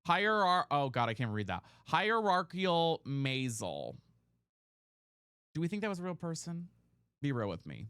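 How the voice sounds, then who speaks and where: A man hosting a livestream, chatting casually and playfully with viewers while sleepy, on a boom mic at his home setup. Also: big pitch swings, a little slow, long pauses, a bit bright, clear, resonant tone, dry recording, clean studio sound. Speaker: livestream host. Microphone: boom mic on a mic arm.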